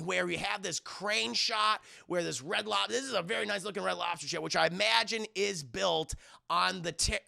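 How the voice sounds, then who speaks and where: A man giving a casual, animated movie review on a live stream, rambling, swearing and talking to his chat. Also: sits high, gravelly.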